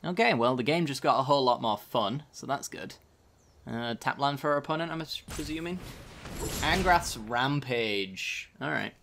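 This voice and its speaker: A man talks through a card game he is playing, weighing each move aloud in a relaxed, chatty way. His voice sits at an ordinary middle pitch, and a faint hiss runs under it. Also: brisk, gravelly. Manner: casual, thinking aloud while playing. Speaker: gaming channel host.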